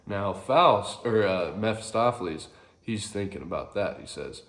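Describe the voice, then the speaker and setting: A man's voice: lowish voice, expressive, moderate pace, a bit bright, roomy sound, a little hiss or hum. A man casually explaining a classic play in a rambling, chuckling way, often correcting himself. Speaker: video host explaining a play.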